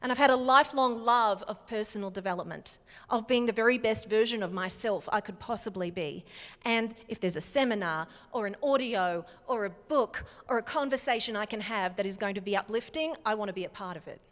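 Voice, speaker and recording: An Australian woman telling stories in a live keynote speech, animated and acting out quoted voices. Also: medium pitch, brisk. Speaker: keynote speaker. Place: conference hall. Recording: long reverb of a conference hall.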